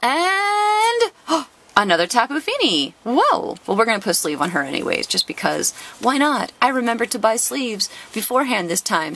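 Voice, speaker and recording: Woman host, card-opening chat, excitable, frequent gasps, very lively pitch. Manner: excitable, gasps often, gushes over cards. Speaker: trading card collector and video host.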